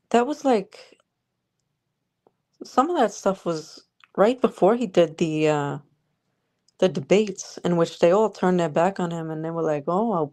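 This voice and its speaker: A woman's voice: fairly low pitch, darkish tone. A woman vlogger ranting sarcastically about politics straight to the viewer. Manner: sarcastic, exasperated, talks to the viewer.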